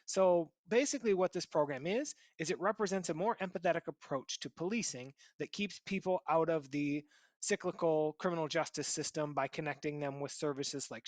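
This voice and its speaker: A man co-hosting a podcast, presenting a news story and explaining it in a measured way. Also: a little high, dry recording. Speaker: podcast co-host. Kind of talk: reading and discussing news stories.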